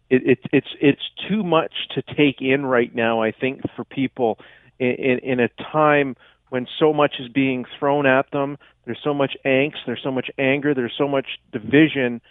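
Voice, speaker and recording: A man with a frog in his throat, a guest co-host in casual radio chat, talking through a headset, halting and repeating words. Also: mid-range voice, no echo. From Canada. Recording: tinny phone-line sound.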